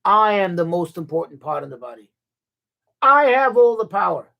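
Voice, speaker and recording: A man's voice: sits high, big pitch swings, normal speed, creaky, sharp tone, voice pushed up, full character voice. A man playing a boastful talking tongue. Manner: smug, boastful.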